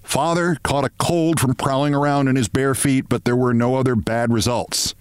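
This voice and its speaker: A man hosting a podcast, reading a short story aloud in a measured, expressive way. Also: medium pitch, smooth, no echo. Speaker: podcast host.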